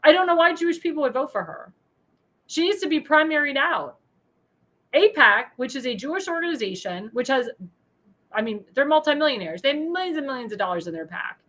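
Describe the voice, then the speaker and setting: A woman hosting a political talk show, ranting in a heated monologue full of insults and bursting into angry shouts. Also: high-pitched, animated, brisk, rough recording. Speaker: host.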